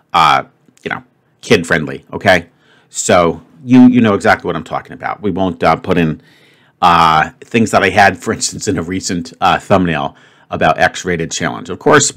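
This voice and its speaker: Lowish-voiced guy rambling cheerfully thru a word puzzle, lots of ums. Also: a bit bright. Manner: chatty, upbeat, thinking aloud with many fillers. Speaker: word puzzle video host. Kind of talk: casual commentary while solving a puzzle.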